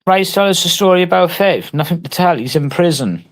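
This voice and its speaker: A man's voice: high-pitched, animated, brisk. A man on a casual livestream, taunting and mock-threatening someone in crude, heavily sworn banter.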